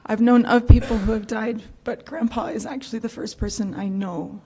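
A woman speaking at her grandfather's funeral, close to tears, rambling and apologetic, laughing softly between memories. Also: fairly high pitch, flat delivery, a little fast, breathy edge. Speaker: granddaughter giving a eulogy. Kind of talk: unscripted funeral eulogy. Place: funeral home chapel.

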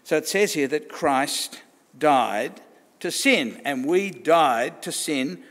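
A man's voice: fairly high pitch, expressive, takes it slowly, a bit bright. A man with an Australian accent preaching a sermon in a conversational way, often asking questions and restarting phrases. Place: church hall. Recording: long church reverb.

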